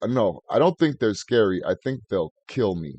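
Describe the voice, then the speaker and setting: Low-voiced guy hosting a podcast, mellow tone, dull lo-fi sound, swears and jokes a lot. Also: big pitch swings, normal speed, slightly rough, no echo. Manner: profane, jokey, rambling. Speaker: podcast host. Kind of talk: casual crude podcast banter.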